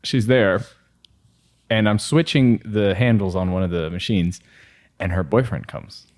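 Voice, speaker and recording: A young man co-hosting a podcast, telling a story in casual, profane, animated chat and acting out what people said. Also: fairly low pitch, unhurried. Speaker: podcast co-host.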